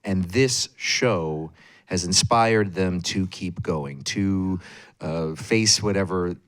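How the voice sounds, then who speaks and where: A man's voice: low voice, slow pace. A stage actor on a panel, giving an earnest, thoughtful answer and searching for his words.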